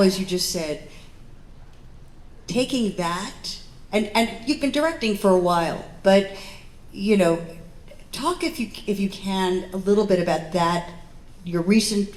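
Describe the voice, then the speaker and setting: A woman's voice: on the low side, roomy sound. A woman moderating a festival panel, asking long, effusive, meandering questions. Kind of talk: interview questions.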